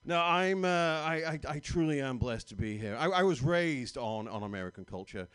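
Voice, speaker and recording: A British man works the crowd at a bar with a stand-up set. His voice is smooth and resonant, sitting slightly high for a man. He delivers his jokes dryly, stumbling into little restarts along the way. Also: lively intonation, normal speed, a bit bright. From Britain. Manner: dry, self-mocking, stammering restarts. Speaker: stand-up comedian.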